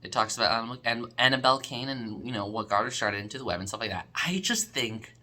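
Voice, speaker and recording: A man chats through his rankings of a podcast's episodes in a loose, casual way. His voice is bright and forward, and he rambles with plenty of fillers, restarts and eager asides. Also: mid-range voice, fast talker. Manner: enthusiastic, rambling, lots of fillers. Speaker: podcast reviewer. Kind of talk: casual review chat.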